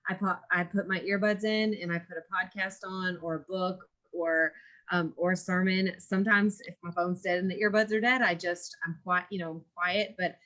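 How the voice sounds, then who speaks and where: A woman co-hosting a podcast in casual chat, animated and laughing often as she tells stories. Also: fairly low pitch, normal speed. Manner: animated, laughs often, acts out stern mom voice. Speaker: podcast co-host; mother.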